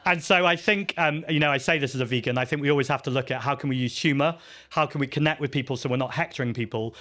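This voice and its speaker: A man's voice: medium pitch, fast talker, sharp tone. A man, a party leader, answering audience questions at a live festival Q&A in an earnest, chatty, self-deprecating way, with frequent ums and restarts.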